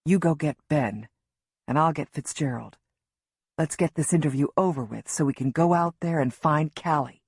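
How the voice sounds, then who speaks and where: A woman's voice: deep voice, moderate pace, slightly rough, no room sound, studio quality. A woman narrator voicing a male police officer who speaks firmly and reassuringly. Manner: firm, reassuring, quietly urgent. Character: tense, steady male police officer, family friend.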